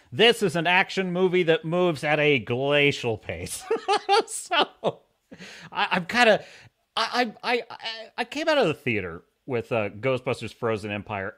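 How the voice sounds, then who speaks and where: A man hosting a live-streamed podcast, reading viewer comments in a jokey, animated way and laughing often. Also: on the high side. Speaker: podcast host.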